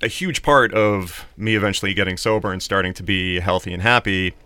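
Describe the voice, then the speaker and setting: A man co-hosting a talk show discussion, speaking in a measured, reflective way on a dry close mic. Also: deep voice, pushed and bright, clean tone, no room sound. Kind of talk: podcast discussion.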